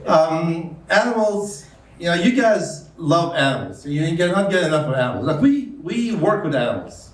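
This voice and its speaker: A man's voice: fairly high pitch, sing-song, normal speed. A man doing a stand-up comedy set on stage. He talks in a rambling, chatty way and laughs at his own jokes. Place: comedy stage before a live audience. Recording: roomy sound from a distance with faint noise.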